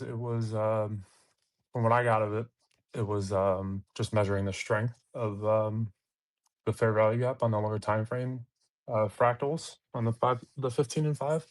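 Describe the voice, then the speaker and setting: A man's voice: mid-range voice, no echo. A man calling into an online audio chat, hesitant and full of fillers. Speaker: caller.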